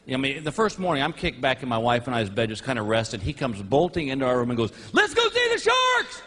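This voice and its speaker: A male stand-up comedian telling a story with animated delivery, bursting into shouted punchlines. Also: mid-range voice, fast. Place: comedy stage before a live audience. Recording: live stage audio with crowd noise.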